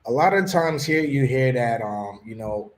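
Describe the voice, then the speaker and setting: A man hosting a casual chat, telling stories in an animated way and dropping Spanish words into his talk. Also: mid-range voice, moderate pace. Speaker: host. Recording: roomy echo.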